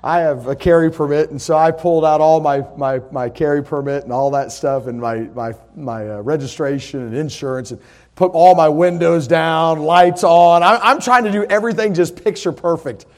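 A middle-aged man, preaching a sermon with folksy stories that build to loud, emphatic points. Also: a little high, moderate pace. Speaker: pastor. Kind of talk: sermon with personal story.

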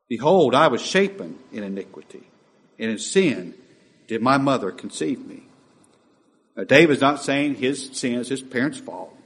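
An impassioned male preacher delivering a sermon. His pitch rises and falls in lively swings, and he shifts from ringing emphasis to near-hushed asides.

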